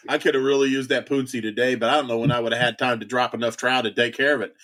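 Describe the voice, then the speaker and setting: A man's voice: medium pitch, steady tone, racing, bright, forceful tone. Laughing, joking man hosting a podcast. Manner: joking, laughs often, repeats words. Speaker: podcast host. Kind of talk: casual chat. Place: home garage bar.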